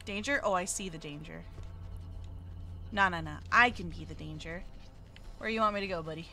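A woman's voice: lowish voice, moderate pace, sharp tone. A woman streaming a live let's play, talking in a cutesy, jittery way and often whimpering that she is scared.

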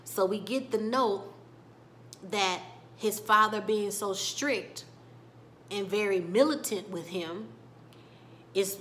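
A woman's voice: mid-range voice, slow, pauses often, a bit bright, slight background noise. A woman giving a casual, chatty recap of a TV episode, retelling scenes and quoting the characters. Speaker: TV show reviewer.

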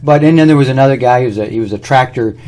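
Racing along in a warm, mid-range voice, a male presenter tries a health product on his own body while chatting casually to camera and drifting through anecdotes.

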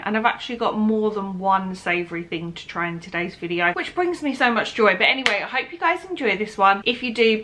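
A young woman with a bright, forceful voice talks through a snack taste test. She is tired and heavily pregnant, chatty and candid, and often speaks between bites. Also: mid-range voice, slight background noise. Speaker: vlogger. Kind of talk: casual taste-test vlog.

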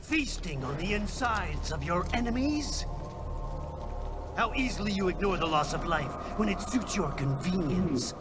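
A man's voice: high voice, lively intonation, a little slow, over music. An actor playing a menacing male cyborg villain in a video game, with a preachy, sneering, theatrical delivery. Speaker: game character. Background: loud game soundtrack.

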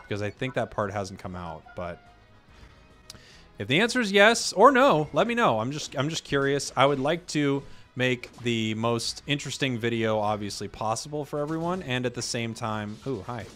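A man's voice: mid-range voice, normal speed. Rambling man joking over game music. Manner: rambling, joking, deadpan tall tales. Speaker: gaming channel host. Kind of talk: casual gameplay commentary.

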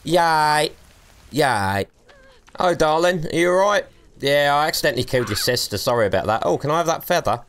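A young man streams a survival game and talks over it, cheeky and taunting. His pitch leaps around constantly, and he laughs often between his jibes. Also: lively intonation, normal speed, a bit bright. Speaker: gaming streamer. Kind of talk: let's play commentary.

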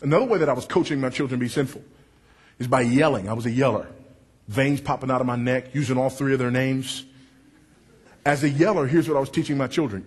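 A middle-aged man preaching a sermon with a big voice, emphatic and wry, dropping low and rising loud for effect. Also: quick pace, slightly rough. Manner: confessional and wry, working the crowd.

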